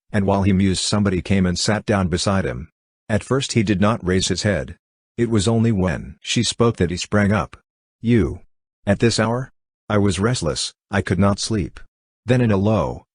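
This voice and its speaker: A low-pitched man narrates a classic novel as an audiobook. His voice is slightly husky, and the recording is dry and close, with no room sound. He reads steadily and unhurriedly, keeping the dialogue in his own voice. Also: no room sound. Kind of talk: scripted narration.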